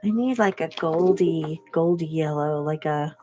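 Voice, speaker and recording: A middle-aged woman runs a coloring channel, chatting casually and laughing through a family story as she colors. She speaks a little slowly in a low, mellow voice, with soft music playing in the background.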